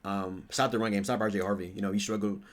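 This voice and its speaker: A man with a fairly low voice runs through game stats in loose, rambling fan commentary. He stumbles over names and fills gaps with ums, then flares into loud, profane trash talk. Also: fairly even intonation, quick pace. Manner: fillers and self-corrections while reading stats. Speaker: sports fan channel host. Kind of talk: casual stat-reading reaction commentary.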